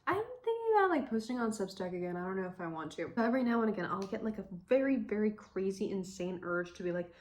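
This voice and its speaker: A woman's voice: medium pitch, big pitch swings, quick pace, darkish tone. Woman, 20s, vlogger; loose rambling chat, salty, self-mocking, laughs a lot. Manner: chatty, swears, self-deprecating, frequent laughs. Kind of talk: casual rambling chat while coloring.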